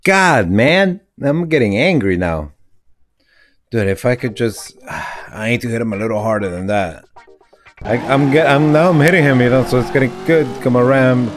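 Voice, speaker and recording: Excitable man yelling at a driving game. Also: medium pitch, moderate pace, over music. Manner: excitable, frustrated, talks to the game. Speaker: gamer streaming a retro driving game. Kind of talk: live gameplay commentary. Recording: noisy with game car sounds.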